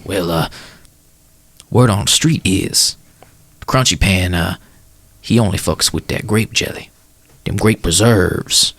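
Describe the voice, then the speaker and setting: A man voicing a folksy Southern informant, Pete Pan, in a put-on American Southern drawl with a gravelly voice. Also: low voice, takes it slowly, long pauses, a bit bright, no room sound, heavily acted. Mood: sly, conspiratorial.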